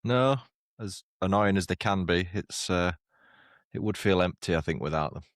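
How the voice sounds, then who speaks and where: A man's voice: deep voice, normal speed, dry recording, clean studio sound. A man co-hosting a podcast in casual chat, who often laughs at his own jokes. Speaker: podcast co-host. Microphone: lapel mic on walks, studio mic here.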